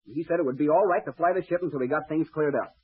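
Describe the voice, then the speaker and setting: An eager young pilot who insists on his honesty. He talks fast in a very raspy, lively voice. The sound is tinny and muffled, like a 1940s radio broadcast. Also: a little high. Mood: earnest.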